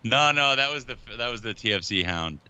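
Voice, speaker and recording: A man's voice: mid-range voice, expressive, fairly quick, bright, forceful tone, clean tone. A man co-hosting a casual podcast chat, blunt and casually swearing. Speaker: podcast co-host.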